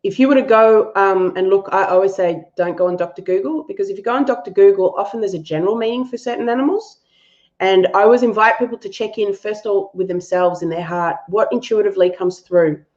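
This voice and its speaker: A woman's voice: mid-range voice, fast, a little mellow, muffled recording. A woman hosting a live-stream animal reading and answering viewers, affectionate and thinking aloud with fillers.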